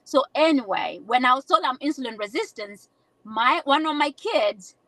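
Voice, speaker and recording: Kenyan lady talking earnestly from her car, high voice, very dry close sound. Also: expressive, moderate pace, pushed and bright, dry recording, poor audio. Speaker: guest. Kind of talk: personal testimony on a live stream. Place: in a car at night.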